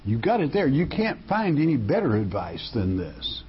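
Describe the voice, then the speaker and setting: A man's voice: mid-range voice, wildly swooping pitch, normal speed, dull audio. A man preaching a sermon in a folksy, emphatic way, often repeating words as he restarts a thought.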